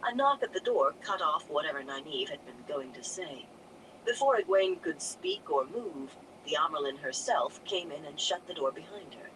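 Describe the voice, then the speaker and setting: A narrator reading a fantasy novel aloud in a steady storytelling manner. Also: medium pitch, normal speed, slight background noise, low-quality recording. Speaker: audiobook narrator.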